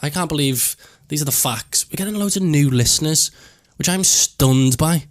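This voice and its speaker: Young Liverpool man, slightly high voice, podcast co-host, jokey banter. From England. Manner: jokey, quick banter with sudden excited jumps. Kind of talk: casual chat.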